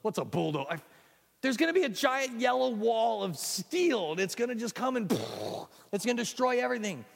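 Man playing a stammering, excitable boy ant. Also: very high voice, normal speed, creaky, voice pushed up, full character voice. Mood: pleading. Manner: breathless, stammering, eager. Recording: echoey hall.

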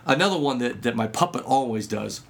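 A man who works with children and does magic, giving an instructional talk full of anecdotes and acting out dialogue with lively jumps in his voice. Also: brisk, gravelly. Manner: lively storyteller who acts out dialogue with sudden pitch jumps. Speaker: children's ministry worker and magician.

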